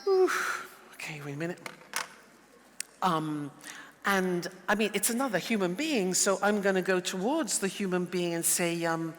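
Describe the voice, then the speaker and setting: Brief: animated male lecturer, mid pitch, long hall reverb. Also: normal speed. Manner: lively, playful, animated demonstrations. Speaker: teacher. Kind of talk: lecture with role-play.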